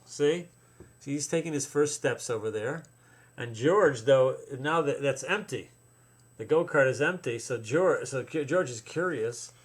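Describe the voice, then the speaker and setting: A man reading a picture book aloud to his children, playful and drawn-out, stopping often to point things out and comment. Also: mid-range voice, slightly rough.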